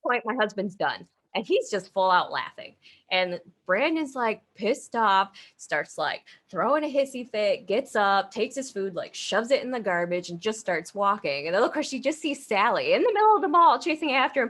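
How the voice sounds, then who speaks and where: A woman's voice: on the high side, very animated, moderate pace, fairly bright tone. A woman co-hosting a podcast, telling a story in a casual way, laughing often and swearing freely. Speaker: podcast co-host.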